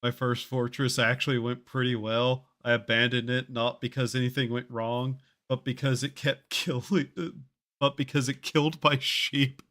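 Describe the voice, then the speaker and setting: A man's voice: medium pitch, little pitch movement, moderate pace, fairly bright tone. A man streaming a game, chatting casually in a rambling, wry and self-mocking way, with offhand swearing. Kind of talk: casual live-stream chatter while gaming.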